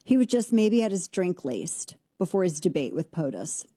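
A woman hosting a commentary show, ranting in a sarcastic, rapid-fire way. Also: on the low side, sing-song, mellow, slightly rough, no echo. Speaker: host.

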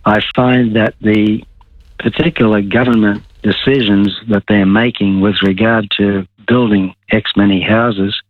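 An older man with an Australian accent rambles over a thin, tinny phone line. His voice sits fairly low and sounds dry and close. He trails off to hunt for words before landing on blunt opinions. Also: steady tone, unhurried, dry recording. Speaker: caller. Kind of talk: casual talk radio call.

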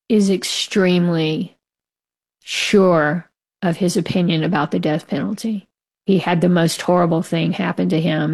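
A woman's voice: on the low side, vocal fry, darkish tone. A woman, a novelist, talking frankly and with strong opinions as a guest in an interview, laughing now and then as she speaks. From United States. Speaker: author as guest. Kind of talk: casual interview talk.

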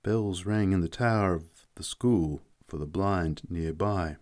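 Slow, low-voiced male audiobook narrator. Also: a little mellow. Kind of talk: audiobook reading.

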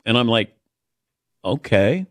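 Man, talk show host, storytelling, animated pitch, laughs a lot, dry studio. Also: takes it slowly, no echo. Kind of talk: casual radio show chat.

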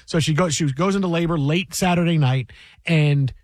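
A man in his forties hosting sports radio, telling stories with lively acted-out quotes. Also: on the high side, moderate pace, no echo. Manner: animated storyteller, acts out quotes loudly. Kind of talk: casual sports radio banter.

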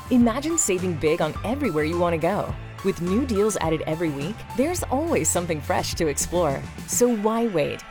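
Upbeat woman announcer over music. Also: on the low side. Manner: upbeat, persuasive. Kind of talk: commercial read.

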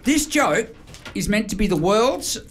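A man's voice: high-pitched, very animated, measured pace, faint music behind. A man hosting a radio show, bantering and reading out listener jokes in a chirpy way. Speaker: radio host.

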